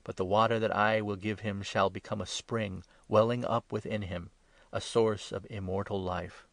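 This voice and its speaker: A man reading the lines of Jesus as a calm, authoritative teacher in a scripted Bible reading. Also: on the low side, normal speed, dry recording, natural voice. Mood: earnest. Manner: calm, earnest and instructive.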